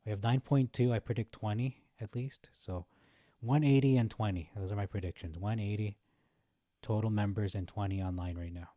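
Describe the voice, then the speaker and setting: A man's voice: lowish voice, steady tone, moderate pace, mellow, no echo, clean studio sound. Laid-back man rambling about stocks. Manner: chatty, laughs at his own jokes, frequent fillers. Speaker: stock market vlogger. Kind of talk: casual rambling commentary while browsing.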